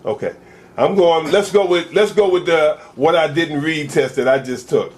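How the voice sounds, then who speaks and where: This is a man co-hosting a casual talk show, his voice sitting high for a man. He tells stories in a loose, rambling way, full of slang and rhetorical questions. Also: moderate pace. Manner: animated, storytelling, rambling with slang. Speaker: co-host.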